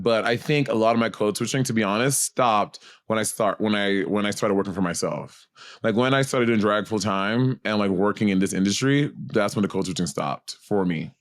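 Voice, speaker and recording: New York man co-host, blunt, swears a lot, loose podcast chat at home. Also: lowish voice. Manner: chatty, blunt, swears freely. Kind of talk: casual chat.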